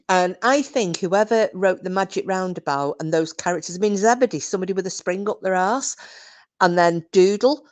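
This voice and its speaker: A woman's voice: medium pitch, moderate pace, a little mellow. A woman hosting a podcast, reminiscing in casual chat, giggly and full of fillers. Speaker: podcast host.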